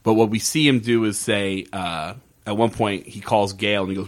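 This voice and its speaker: A man with a fairly low voice tells the story of a TV episode in casual podcast chat. He swears freely and acts out the characters' lines as he goes. His delivery stays animated throughout. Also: normal speed. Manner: animated and profane, acting out quotes.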